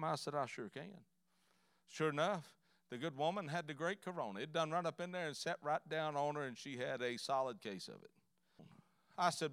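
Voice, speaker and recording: A middle-aged man, preaching a folksy, humorous sermon story that swings between hushed asides and loud outbursts. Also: mid-range voice, moderate pace, smooth, no echo, clean studio sound. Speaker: pastor. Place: church sanctuary.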